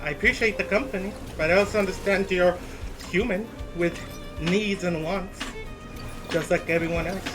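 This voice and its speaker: A man's voice: high voice, moderate pace, music in the background. A man live-streaming casually while walking and gaming, playful and teasing, laughing often and slipping into Spanish phrases.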